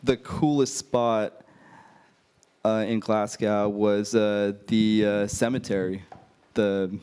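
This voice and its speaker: Smooth, low-voiced young man, easygoing. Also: slow. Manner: relaxed and easygoing, many fillers. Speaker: guest musician. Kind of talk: casual interview chat.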